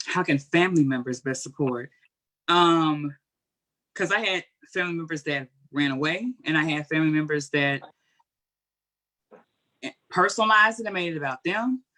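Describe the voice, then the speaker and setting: A woman's voice: sits low, moderate pace, pauses often. A woman answering an interview question in a candid, colloquial, heartfelt way, telling stories as she goes. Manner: earnest, candid, colloquial, animated storytelling. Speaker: guest speaker.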